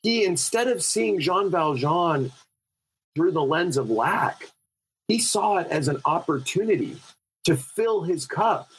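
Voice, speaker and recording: A man who is a podcast guest, telling stories in an animated, spiritual way with many fillers, in casual conversation. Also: on the high side, a little slow, slight background noise, rough recording.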